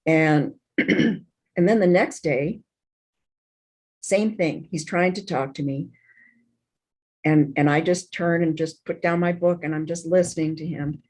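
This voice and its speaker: A middle-aged woman, an interview guest, telling a painful personal story in an emotional, halting way, with many restarts and fillers. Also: sits low, fairly even intonation, a little mellow.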